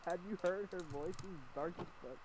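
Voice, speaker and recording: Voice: mid-range voice, a little fast. A friend in a casual gaming chat who teases and makes crude jokes. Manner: teasing, crude joking. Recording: noisy voice-chat audio.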